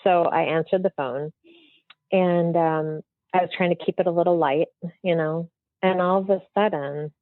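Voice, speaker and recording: A woman who is a medium appears as a guest in a casual interview, telling a story in a rambling, chatty way with lots of fillers over a remote call. Her voice is on the low side, steady, at normal speed. The audio is dry and thin, phone-like, with no echo.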